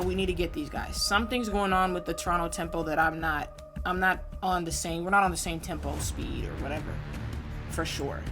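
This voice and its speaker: A woman hosts a casual live sports reaction stream, her mid-pitched voice jumping from loud exclamations to quiet asides. She talks in loose slang with plenty of energy. Faint music plays underneath. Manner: animated, slangy, swings between loud outbursts and low mutters. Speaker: sports reaction channel host.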